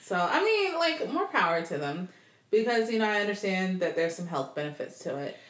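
Brief: a bright, animated woman co-host with a blunt joking manner, in a roomy space. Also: medium pitch. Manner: blunt, joking, quick to laugh. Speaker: podcast co-host. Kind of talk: casual chat. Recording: roomy echo.

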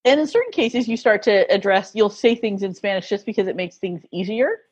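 A woman's voice: medium pitch, a little fast, slightly rough, muffled recording. A woman telling stories in a casual interview, laughing often as she talks. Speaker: guest.

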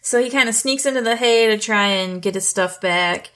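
A young adult woman co-hosts a podcast and recaps a movie in relaxed chat. She swears offhandedly and slips into the characters' lines as she retells the plot. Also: on the high side, moderate pace. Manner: chatty, swears casually, acts out characters' lines. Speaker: podcast co-host.

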